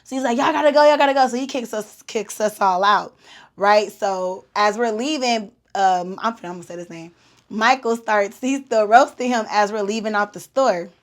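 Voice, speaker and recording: A woman, hosting a podcast and telling a story in an animated, slangy way with laughs. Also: medium pitch, normal speed. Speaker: podcast host. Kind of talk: casual storytelling.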